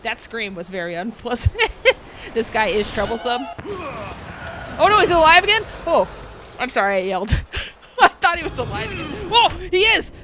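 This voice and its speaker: A young adult woman streamer talking through a video game, expressive, laughing and yelling at the game. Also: on the high side, normal speed, background noise. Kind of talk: gaming commentary. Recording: game music behind the voice.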